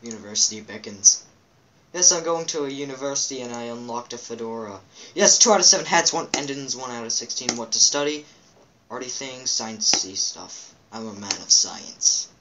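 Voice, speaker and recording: Bright-voiced man doing jokey game commentary. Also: medium pitch, moderate pace, a little hiss or hum, rough recording. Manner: reads game captions aloud with goofy asides; makes playful quack and meow noises. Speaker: let's play host.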